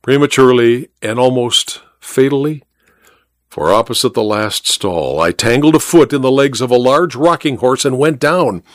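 A man's voice: mid-range voice, lively intonation, moderate pace, no echo. A man reading a first-person period story aloud in a dry, wry storytelling manner. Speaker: audiobook narrator. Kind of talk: scripted first-person narration.

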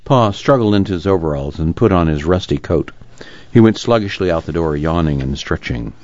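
Deep male narrator, lively inflection, muffled dry read. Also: brisk, dry recording. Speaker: audiobook reader. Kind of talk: scripted narration.

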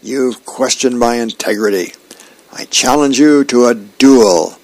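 A man's voice: mid-range voice, a little slow, dry recording, natural voice, rough recording. A man voicing a stiff, indignant army officer.

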